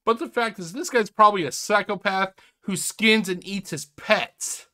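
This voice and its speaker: A man hosting a reaction video, laughing often, swearing and mocking what he watches while addressing viewers as ladies and gentlemen. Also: high-pitched, normal speed. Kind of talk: casual reaction commentary.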